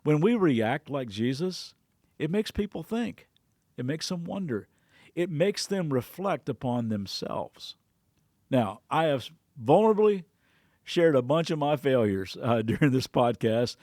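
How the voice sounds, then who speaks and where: A man's voice: a little high, big pitch swings, measured pace, a little mellow, no echo, studio quality. Middle-aged man telling a devotional story. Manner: conversational, with frequent restarts and acted-out quotes. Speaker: pastor and podcast host.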